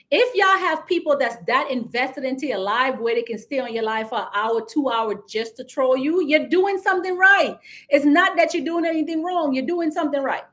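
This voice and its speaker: Chatty Caribbean woman coach, higher voice. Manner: chatty, addresses viewers directly, reads out comments. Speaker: business credit coach. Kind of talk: casual livestream teaching.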